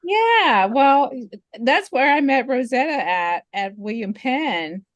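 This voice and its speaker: A woman's voice: sits high, expressive, takes it slowly, no room sound, highs cut off. A woman, a former teacher, chatting on a video call about people she knew years ago. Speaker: retired teacher, guest. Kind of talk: casual conversation on a video call.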